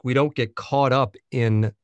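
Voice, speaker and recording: A man's voice: mid-range voice, fairly even intonation, measured pace, smooth, no room sound, lo-fi sound. A man who narrates audiobooks, talking through his craft in a conversational interview, thoughtful and full of restarts and fillers.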